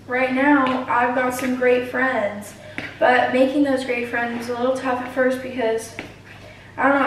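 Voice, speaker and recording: A woman's voice: high-pitched, slight background noise. Chatty teen girl in an echoey kitchen. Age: teens. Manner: chatty, many fillers, talks while mashing. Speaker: vlogger. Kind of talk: casual cooking vlog chat. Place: home kitchen. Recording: very echoey room, distant mic.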